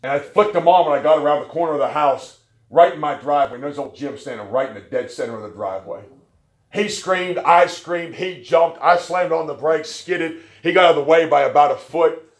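A man preaching a sermon, telling stories with folksy, joking asides and swinging between quiet remarks and loud emphasis. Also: fairly high pitch, fairly quick.

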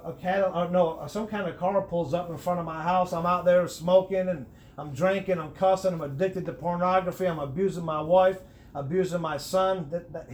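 Speaking as an interview guest, a middle-aged man earnestly recounts his testimony in conversation. His pitch is high, he frequently starts over, and he climbs and livens up at emphatic moments.

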